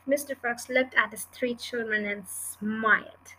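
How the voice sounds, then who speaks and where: High-voiced woman reading a story aloud. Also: unhurried, few pauses, a little hiss or hum, low-quality recording. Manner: earnest, steady reading. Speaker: storybook reader. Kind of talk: reading a children's book aloud.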